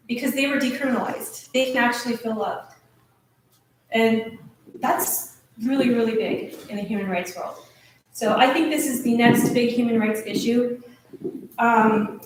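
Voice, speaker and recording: A woman's voice: a little high, unhurried, far from the mic. Female speaker, nervous but earnest address to a meeting; very echoey room, recorded from afar with noise behind. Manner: earnest, nervous, with restarts and laughs. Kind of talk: emotional speech. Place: meeting hall.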